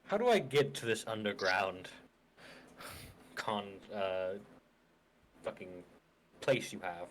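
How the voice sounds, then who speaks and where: A man's voice: fairly low pitch, animated, takes it slowly, pauses often, slight background noise, low-quality recording. A man playing a tabletop game, wryly narrating his character's actions. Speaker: player. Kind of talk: casual tabletop game chat.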